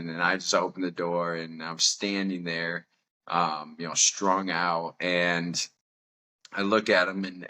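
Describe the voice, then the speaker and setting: A young man with a deep voice that still has a bright, forceful edge tells a personal story. His manner is candid and self-mocking, and he laughs often. He sounds like a podcast host talking loosely, not reading from a script.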